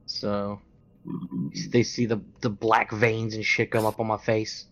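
A man playing in a tabletop role-playing game, loud and excitable in his banter. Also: on the low side, measured pace, muffled recording. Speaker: player.

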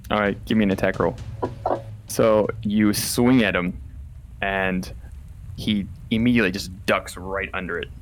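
Deep-voiced man narrating as game master. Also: steady tone, measured pace. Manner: vivid, descriptive, with casual fillers.

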